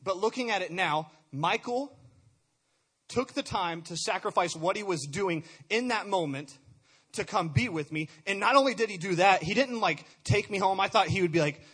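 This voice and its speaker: Young man, high and husky, earnest testimony, stumbles and restarts a lot. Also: lively intonation, normal speed, fairly bright tone. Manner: earnest, stumbling over repeated words. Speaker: speaker sharing a testimony. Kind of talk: personal testimony.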